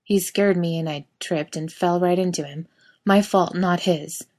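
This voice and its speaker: A woman's voice: fairly low pitch, steady tone, measured pace, darkish tone, lightly acted. A woman voicing a startled, awkward young man in a spoken story.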